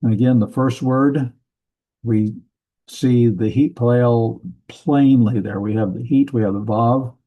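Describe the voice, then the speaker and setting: A man teaching a slow classroom lesson, thinking aloud and correcting himself as he goes. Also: mid-range voice, steady tone, dull audio. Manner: deliberate, thinking aloud with many ums and self-corrections. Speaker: Bible language teacher. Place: church classroom.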